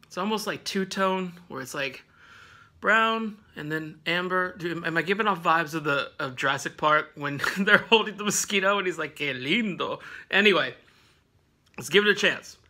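Guy with a high, really bright voice doing a chill snack review at home, rambly, lots of likes and laughs. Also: normal speed. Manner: rambling, filler-heavy, laughs often. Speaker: vlog host reviewing snacks. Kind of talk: casual snack review vlog.

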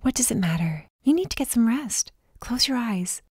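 A woman voicing a protective young woman in an audiobook, soft and tender at times, defiant and tearful at others. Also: fairly high pitch, lively intonation, moderate pace, husky, no room sound, studio quality, voice pushed up. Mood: tender, worried. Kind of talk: audiobook character voice.

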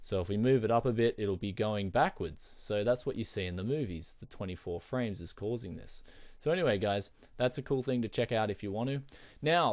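A young man hosting a casual tech vlog, chatting to viewers as "guys" with animated asides. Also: medium pitch, dry recording. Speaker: tech video host.

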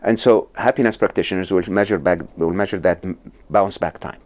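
A man's voice: low voice, fairly quick, darkish tone. A middle-aged man from Egypt, a podcast guest telling stories and explaining ideas in a conversational interview, with many restarts and check-ins like "right?".

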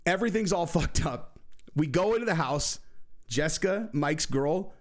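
A man's voice: fairly high pitch, animated, moderate pace. A young man hosting a channel, telling a story in casual, profane talk, acting out other people's voices. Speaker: channel host.

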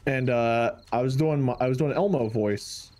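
A man's voice: mid-range voice, normal speed, darkish tone. A man chatting while playing a game with a friend, telling stories in a laid-back, chuckling way. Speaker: streamer co-player. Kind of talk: casual gaming banter.

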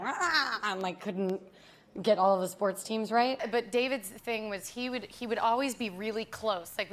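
A young adult woman chatting as a talk show guest, telling animated stories and slipping into quoted voices. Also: mid-range voice. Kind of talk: casual chat.

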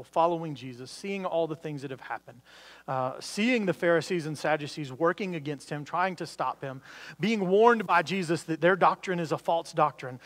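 A man's voice: on the high side, big-room sound. A man preaching a sermon, talking earnestly with frequent restarts and building emphasis. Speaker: pastor.

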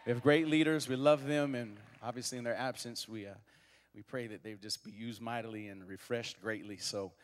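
A man's voice: mid-range voice, steady tone, a little fast, long reverb tail, a little hiss or hum. A young man preaching a sermon in a church, joking with the congregation and leading call-and-response. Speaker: guest preacher. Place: church sanctuary.

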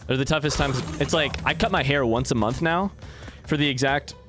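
A young man casually commenting while he plays a game and chats with viewers, breaking into yelps and shouts when things go wrong. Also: mid-range voice, fairly quick, music in the background. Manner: excitable, swings into yelps and shouts at failures; chatty with chat, reads messages aloud. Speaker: streamer playing a game. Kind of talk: casual let's play commentary.

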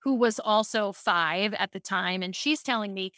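Bright-voiced woman speaking coach. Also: medium pitch, normal speed, dry recording, clean studio sound. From Baltimore, USA. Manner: animated storytelling, acts out quotes. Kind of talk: casual podcast interview.

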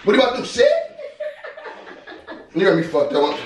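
Vlog husband, loud and cursing, recorded far off in a roomy space. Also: male voice, high-pitched, sing-song, normal speed, a little hiss or hum. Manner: loud, profane, disbelieving outbursts. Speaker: husband vlogger. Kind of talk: casual prank reaction. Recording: echoey room from a distance, music.

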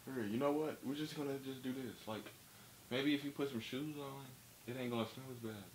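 A man's voice: mid-range voice, brisk, slight background noise. A young adult man, a vlogger, teasing his girlfriend in a casual prank video. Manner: teasing, playful.

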